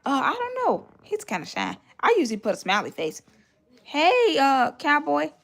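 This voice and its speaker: A woman's voice: a little high, huge pitch swings, quick pace, fairly bright tone, breathy edge. A woman hosting a casual livestream from home, telling a long story and thanking viewers for gifts along the way. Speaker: livestream host. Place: home, near a radiator.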